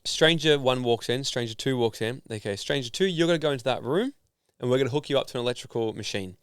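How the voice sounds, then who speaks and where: A man from Australia, a guest on an interview podcast, telling a story in a casual, animated way and acting out the voices of people in it. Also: medium pitch, quick pace, clean tone, dry recording, clean studio sound. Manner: animated, acts out voices in his stories. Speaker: guest, personal development founder.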